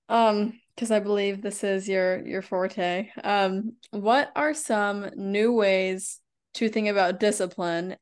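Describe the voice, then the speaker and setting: Smooth-voiced woman podcast host. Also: mid-range voice. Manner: friendly, short affirmations, hesitant "um" in questions. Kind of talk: casual interview.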